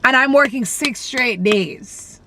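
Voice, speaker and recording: A woman's voice: fairly high pitch, slow pace, noisy background. Blunt, swearing woman venting in her car. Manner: animated, blunt, swears freely. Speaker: vlogger. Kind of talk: casual venting vlog.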